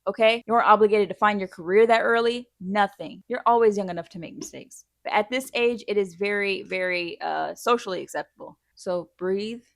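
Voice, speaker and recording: Woman, thirties, casual advice vlogger with a blunt, swear-happy delivery, mid-pitched, close and dry. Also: a little fast, gravelly, few pauses, no room sound. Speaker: advice vlogger answering viewer questions.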